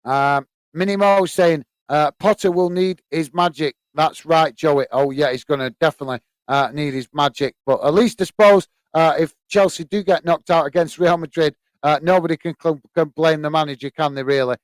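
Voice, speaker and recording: A man's voice: on the high side, fairly even intonation, no echo. A man with a British accent hosting a football live stream, reading out viewer comments and welcoming people with lots of "uh" fillers and "mate". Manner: halting, many "uh" fillers, calls viewers "mate". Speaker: football channel host reading live chat. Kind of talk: casual live stream chat.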